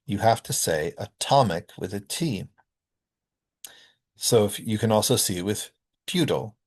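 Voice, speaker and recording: A man from North America explaining sound rules in a recorded linguistics lecture, often pausing on ums and uhs. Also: lowish voice, lively intonation, darkish tone.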